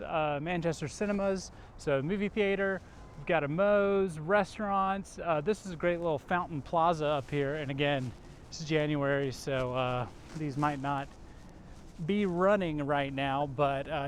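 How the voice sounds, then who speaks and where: A local man walks and talks through an outdoor tour, easygoing and chatty, with plenty of ums and uhs. His voice sits a little high for a man. Faint traffic and outdoor ambience hum behind him. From Rock Hill area, South Carolina. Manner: easygoing, chatty, lots of fillers. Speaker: vlog host, local realtor-style guide. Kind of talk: casual walking tour vlog. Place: outdoors in a park and shopping plaza.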